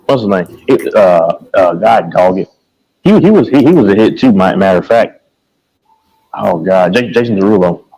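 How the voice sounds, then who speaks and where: A man's voice: low voice, expressive, normal speed, warm tone, low-quality recording. A man in casual chat about music, rambling, repeating himself and hunting for names.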